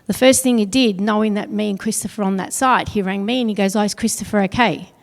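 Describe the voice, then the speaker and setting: A middle-aged woman telling a personal story on stage at an awards event, earnest and pausing heavily. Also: mid-range voice, vocal fry. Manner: earnest, heavy pauses, quotes others in dialogue. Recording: long hall reverb.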